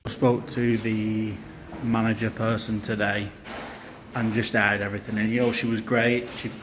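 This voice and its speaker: A man's voice: lowish voice, flat delivery, moderate pace, background noise. A young man, a new dad, recording a casual video diary, sounding exhausted and frustrated as he vents. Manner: frustrated, venting about hospital care. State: exhausted, low on energy.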